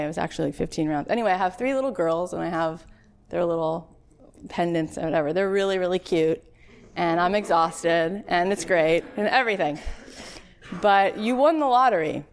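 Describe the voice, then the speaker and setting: Animated woman in her thirties. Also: medium pitch, gravelly. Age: 30s. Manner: chatty, animated storytelling with acted quotes. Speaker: podcast host giving a workshop talk. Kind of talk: motivational talk.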